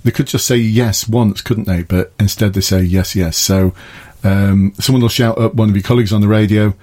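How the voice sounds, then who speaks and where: Chatty ex-police man, lowish voice. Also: steady tone, normal speed, darkish tone. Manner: chatty, laughs at his own jokes. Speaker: podcast host, former police officer. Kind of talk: casual advice talk. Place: garden summer house.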